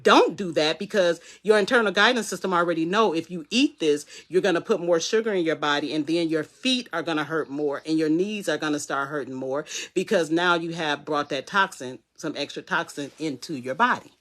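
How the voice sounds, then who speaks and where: A wellness coach gives a live motivational talk in a conversational way, repeating key phrases for emphasis and acting out inner voices and quoted dialogue. The voice is mid-range and a bit bright, a little fast, with few pauses.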